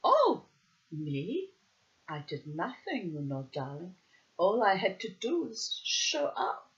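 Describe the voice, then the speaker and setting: A woman's voice: mid-range voice, huge pitch swings, takes it slowly, full character voice. A woman voicing her own flirtatious, theatrical middle-aged mother in a grand, coy put-on voice. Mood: airy. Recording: dull lo-fi recording.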